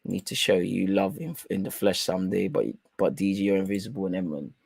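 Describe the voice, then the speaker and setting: A man's voice: deep voice, a little fast, creaky, darkish tone, breathy edge, no echo. Chatty young man. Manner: chatty, slangy, talks straight to viewers. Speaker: live stream host. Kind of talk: casual football watch-along commentary.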